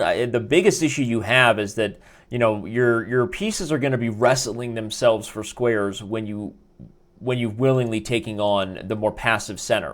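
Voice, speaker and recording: A man in a casual live chess review, talking from his desk in a mid-range voice. He rambles, restarts his sentences and throws in jokes as he coaches. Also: medium pitch. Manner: chatty and jokey, rambling with restarts. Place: indoors at a desk.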